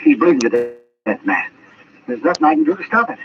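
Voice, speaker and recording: An actor playing a weary middle-aged frontier town doctor in an old-time radio western, with a drawling, resigned manner. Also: male voice, medium pitch, wildly swooping pitch, brisk. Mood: grim. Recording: lo-fi old radio recording with hiss.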